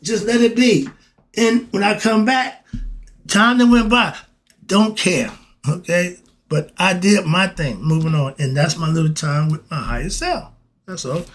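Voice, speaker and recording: A middle-aged man in a casual spiritual monologue who talks straight to the listener and keeps asking and answering his own questions. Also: high-pitched. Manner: preachy, repeats "why?" and "okay?", talks to listener directly. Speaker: podcast host.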